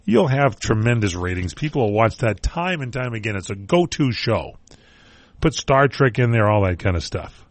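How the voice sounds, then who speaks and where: A man's voice: mid-range voice, very animated, normal speed, no echo. A man hosting a talk radio show, chatting casually and joking about entertainment news. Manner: wisecracking, rambling.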